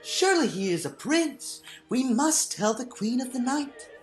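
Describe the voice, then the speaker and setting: A man reading a storybook aloud, voicing three young lady archers who wonder softly among themselves. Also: very high-pitched, sing-song, measured pace, pitched above the performer's own voice, exaggerated voice. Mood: curious. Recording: roomy room, faint background music.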